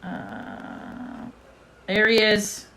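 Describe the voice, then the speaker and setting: A woman's voice: mid-range voice, big pitch swings, very slow, vocal fry, background noise. A woman hosting a casual livestream, chatting with viewers as she reads their comments. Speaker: host.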